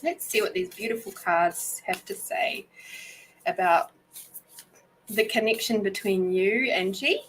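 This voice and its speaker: Slow-talking woman reader. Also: medium pitch, expressive, a little hiss or hum, low-quality recording. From Australia. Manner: chatty, giggly, warm storyteller. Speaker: intuitive reader and podcast host. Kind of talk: live online reading session chat.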